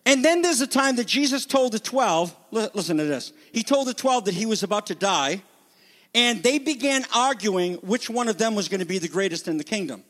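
A middle-aged man preaching a sermon in an animated way, acting out the voices he quotes. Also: high voice, a little fast. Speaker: pastor.

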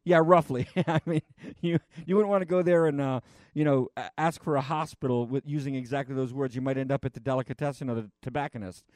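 A man preaching a conversational sermon, rambling and animated, with frequent restarts and fillers. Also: medium pitch, fast, no echo, clean studio sound.

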